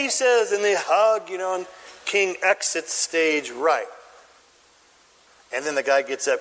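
A man preaching a sermon, telling a story with lively acted-out voices and bursts of shouting. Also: high voice, normal speed, big-room sound, low-quality recording. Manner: animated storytelling, acting out voices and shouting lines. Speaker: pastor.

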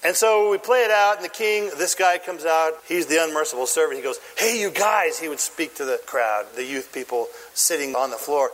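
A man preaching a sermon, telling a story with lively acted-out voices and bursts of shouting. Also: a little high, fairly quick, few pauses, long reverb tail, poor audio. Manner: animated storytelling, acting out voices and shouting lines. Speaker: pastor.

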